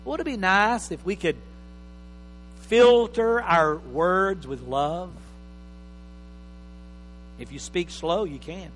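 High-voiced pastor preaching in a hall. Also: male voice, lively intonation, takes it slowly, pauses often. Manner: emphatic, swings between loud and soft. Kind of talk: sermon. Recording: reverberant hall with faint mains hum.

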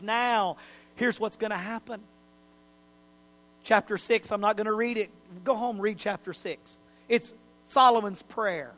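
A pastor preaching an emphatic sermon in a church and calling on the congregation to repeat after him. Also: male voice, sits high, a bit bright, long reverb tail. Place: church sanctuary.

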